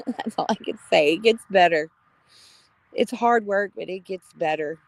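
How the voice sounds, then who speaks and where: A middle-aged woman with a drawl chats warmly on a live stream, greeting viewers and gushing with easy laughter. Her pitch sits in a mid range, and the sound is dry and close, with no room around it. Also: unhurried, dry recording. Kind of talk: casual live-stream chat.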